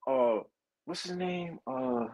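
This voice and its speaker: Animated New man, lively pitch. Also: slow pace, creaky, poor audio. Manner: animated, profane, mocking. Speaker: co-host reacting to trial footage. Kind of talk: casual chat.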